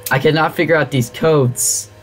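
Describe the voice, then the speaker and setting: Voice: medium pitch, fairly even intonation, normal speed, soft background music. A gaming channel host giving gameplay commentary, reacting dramatically to the game and talking to its characters.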